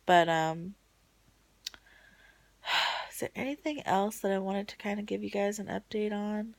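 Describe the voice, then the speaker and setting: Speaking a little slowly, a woman records a rambling, emotional late-night video diary from home, swinging from bright excitement into soft, low murmurs. There's no room sound.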